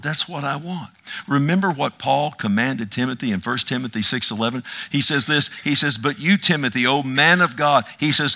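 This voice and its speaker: A middle-aged man, a pastor, preaching a conversational sermon with sudden loud, drawn-out emphasis. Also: mid-range voice.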